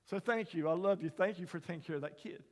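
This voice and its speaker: A middle-aged man preaches by telling a story, his voice pitched fairly high for a man. He slips from hushed asides into loud, ringing emphasis. The sound carries a long reverb from a large chapel hall. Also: fast. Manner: folksy, dramatic storyteller, drops to whispers and rises to near shouts. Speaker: chapel speaker. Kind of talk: storytelling sermon.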